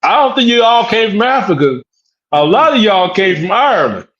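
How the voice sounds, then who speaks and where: A man's voice: high-pitched, big pitch swings, normal speed, fairly bright tone. A man co-hosting a casual chat, teasing and bantering with a laugh. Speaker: co-host. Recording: dull lo-fi audio.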